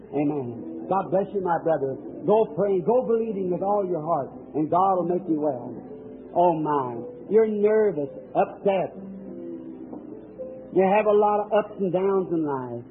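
A man preaches at a healing service, fervent and emphatic as he calls out to people before him. His voice sits high for a man. The sound is thin and tinny, like an old tape, with a faint hiss underneath. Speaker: evangelist preacher.

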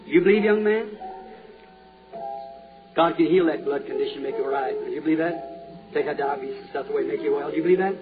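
A man's voice: on the high side, fairly quick, pauses often, over music. A man preaching a healing revival sermon, fervently putting questions to the crowd again and again. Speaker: evangelist preacher. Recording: tinny lo-fi old tape.

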